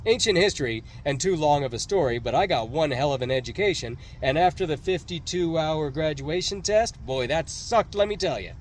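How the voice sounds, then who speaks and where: A swaggering, cold-edged ex-sailor, as a male reader plays him boasts through his past in an audiobook. His tone is sardonic and dismissive, and his voice swings widely in pitch, sitting a little high for a man. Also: lively intonation, a little fast, few pauses, slight background noise, close to an everyday voice. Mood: cocky. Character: cocky, cold ex-Navy man with a secret past.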